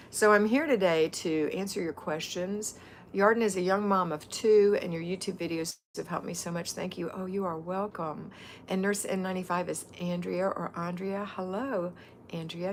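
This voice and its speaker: A woman's voice: fairly low pitch, slight background noise. A middle-aged woman hosting a casual livestream, chatting and greeting viewers by name as a home-organizing mentor.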